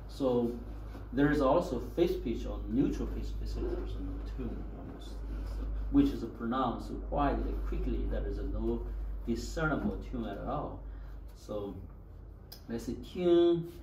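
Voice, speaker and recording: A man's voice: mid-range voice, animated, measured pace. A man teaching a beginner language class, talking loosely with many "okay"s and having students repeat after him. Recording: echoey classroom, distant mic, faint hiss.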